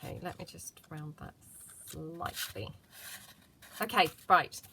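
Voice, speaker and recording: A woman's voice: sits low, slow pace, vocal fry, very noisy. A woman hosting a casual craft tutorial, chatting and muttering to herself as she works, cheerfully self-deprecating.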